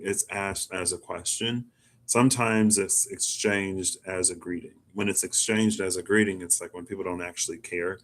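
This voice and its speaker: A man's voice: sits low, steady tone, normal speed, a bit bright. A man doing a casual self tarot reading, musing and rambling with lots of "like". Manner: musing, rambling, chatty with filler "like". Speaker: tarot reader.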